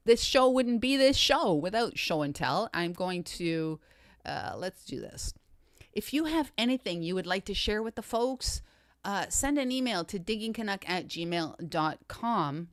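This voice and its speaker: Lively, animated woman livestream host. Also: medium pitch, no echo, studio quality. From Canada. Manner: upbeat, greets viewers by name, repeats catchphrases. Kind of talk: casual livestream chat.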